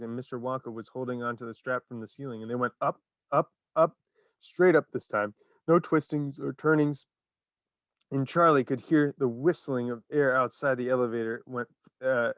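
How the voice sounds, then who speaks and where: A man narrating a children's story in an expressive, animated reading. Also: mid-range voice, a little fast, no room sound, clean studio sound.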